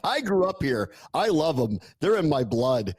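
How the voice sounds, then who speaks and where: A male play-by-play announcer as a guest on a casual podcast chat, teasing and quick to laugh. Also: a little high, very animated, darkish tone, breathy edge, dry recording.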